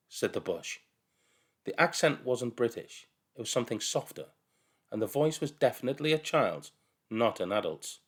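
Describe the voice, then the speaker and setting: A man reading a children's novel aloud with expressive storytelling. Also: on the low side, moderate pace, husky. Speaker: reader.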